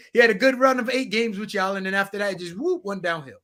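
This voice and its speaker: Male guest, relaxed football banter, high-ish voice, chuckles a lot. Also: fast. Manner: laid-back, rambling, laughs often. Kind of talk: casual football chat.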